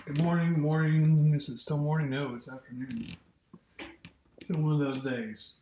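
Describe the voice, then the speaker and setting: Slow, rambling man on a livestream. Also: fairly high pitch, fairly even intonation, warm tone, reverberant, a little hiss or hum, low-quality recording. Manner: rambling, casual, reads viewer comments aloud. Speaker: livestream host. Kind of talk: unscripted live chat with viewers.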